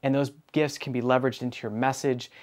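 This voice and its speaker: An energetic male business coach tells a client's story in a lively monologue. His voice sits at a medium pitch, and he acts out bits of quoted back-and-forth as he goes. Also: fast talker.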